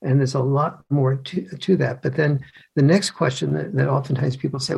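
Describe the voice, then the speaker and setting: A man's voice: mid-range voice, fairly even intonation, normal speed, creaky, a little mellow, breathy edge. An older man, an author and guest, explaining in a conversational way with many restarts and acted-out scenes. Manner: hesitant, full of restarts, acts out scenes.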